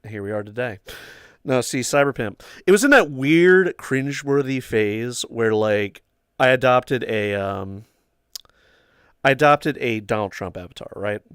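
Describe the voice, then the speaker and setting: A man's voice: medium pitch, expressive, unhurried, a bit bright, clear, resonant tone, no room sound, studio quality. A young man hosting a livestream chat, telling long rambling stories full of "like" and "um". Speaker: livestream host. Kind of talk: casual storytelling chat.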